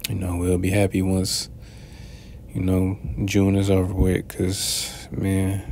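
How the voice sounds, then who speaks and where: Deep gravelly man, preachy and rambling. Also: completely flat delivery, unhurried, darkish tone, slight background noise. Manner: rambling, many filler words. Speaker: commentary channel host. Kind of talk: preachy commentary on played clips.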